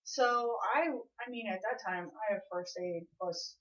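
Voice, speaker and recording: A woman's voice: medium pitch, unhurried, a bit bright. A woman playing a tabletop game, bantering with the other players in a teasing way. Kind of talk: casual tabletop play. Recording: echoey room, dull lo-fi sound.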